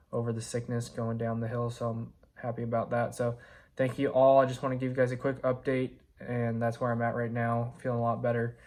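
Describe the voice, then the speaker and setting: Hoarse man giving a rambling update. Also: medium pitch. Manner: relaxed, rambling with many fillers. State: sounds sick, hoarse. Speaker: vlogger, electrician. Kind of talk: casual update to viewers.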